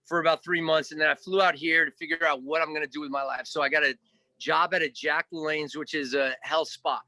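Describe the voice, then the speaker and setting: A man's voice: a little high, a little fast, no room sound. A man telling a long story in a casual interview, rambling, swearing now and then and acting out what others said. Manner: animated, rambling, swears, acts out quotes. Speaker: guest actor.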